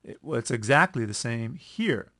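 A man teaching a music lesson over a screen recording, explaining at an unhurried pace, correcting himself and counting beats aloud. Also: mid-range voice, expressive, pushed and bright. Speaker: music instructor.

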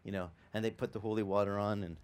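A man preaching a sermon as pastor, telling lively stories with acted-out quotes and frequent stammered restarts. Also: fairly low pitch, fast, clean tone. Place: church.

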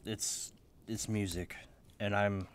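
Still waking up, a young music producer makes a beat in his home office while chatting casually. His low-ish voice is slow and level in tone, and he jokes at his own expense, swinging between loud and mumbled.

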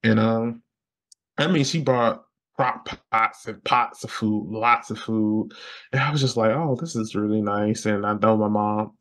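A man as a podcast guest telling a personal story in casual interview talk, rambling with fillers and jumping high in pitch when he quotes others. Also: measured pace. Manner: animated, jumps high when quoting others.

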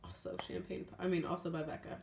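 A woman's voice: lowish voice, very animated, fast talker, creaky. A chatty young woman talking through her makeup in a casual vlog, rambling and trailing off as she goes. She sounds a little sniffly and under the weather. Her voice bounces around an echoey room, with a faint hiss underneath. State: sniffly, feeling unwell. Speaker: beauty vlogger. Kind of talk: casual makeup declutter chat.

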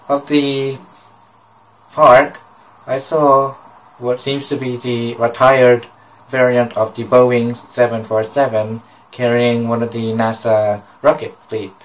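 Man, travel vlog narration, slow delivery, hesitant, lots of fillers, slightly distant mic. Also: mid-range voice, fairly even intonation. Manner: hesitant, with many fillers and pauses. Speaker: vlogger.

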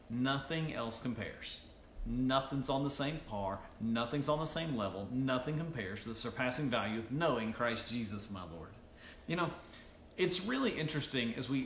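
A pastor preaching a sermon in a casual, conversational way, full of asides to the congregation. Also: male voice, medium pitch, animated, moderate pace, pushed and bright, roomy sound, a little hiss or hum. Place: church sanctuary.

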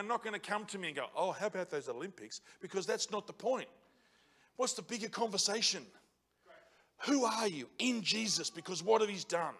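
A man preaching a sermon as pastor in a church, passionate and building to loud emphatic repetition. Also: high voice. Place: church auditorium.

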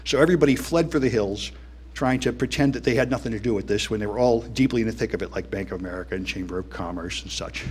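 A man's voice: fairly low pitch, slight background noise. A man giving a conference talk in a wry, dismissive, conversational way, with plenty of "um"s and "anyway"s. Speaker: conference speaker. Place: conference hall.

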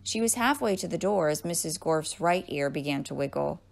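Creaky-voiced woman reading a children's story. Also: low-pitched, expressive, normal speed. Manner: clear, storytelling read-aloud. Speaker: librarian.

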